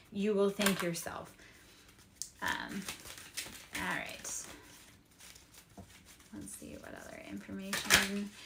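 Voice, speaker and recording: A woman's voice: a little high, a bit bright, reverberant. A woman giving a live-streamed tarot reading, speaking in a repetitive, affirming, spiritually encouraging way. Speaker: tarot reader. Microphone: streaming microphone.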